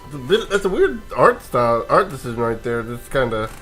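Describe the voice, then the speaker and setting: A sleepy man talks through a video game session in a loose, rambling way, chuckling and restarting his sentences as he goes. His voice sits at an ordinary middle pitch, with faint game music playing underneath. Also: big pitch swings, brisk, fairly bright tone. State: sleepy, yawning. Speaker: let's play gamer. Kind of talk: casual gameplay commentary.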